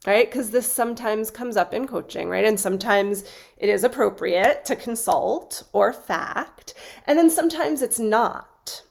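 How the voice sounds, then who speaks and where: A woman's voice: on the high side, measured pace, vocal fry. A woman teaching on a group coaching call, earnest and reflective, often checking in with "right?". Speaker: coaching instructor.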